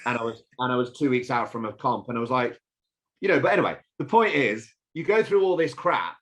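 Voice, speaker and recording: A man from England talks as a guest on a fitness podcast. He tells stories with plenty of energy, blunt and sometimes swearing, in a voice of ordinary pitch. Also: brisk. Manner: animated, swears, storytelling. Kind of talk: casual interview chat.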